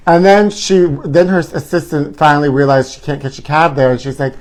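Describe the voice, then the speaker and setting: In brisk, fairly high-pitched tones, a man hosts a casual live stream on his own camera. His talk is campy, gossipy and theatrical, and he calls his viewers "honey" and "trashies."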